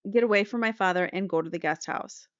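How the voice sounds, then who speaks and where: A woman voicing a young male defendant, answering cross-examination in a halting, defensive way. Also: mid-range voice, clean tone, no room sound, close to an everyday voice. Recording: slightly muffled dry recording.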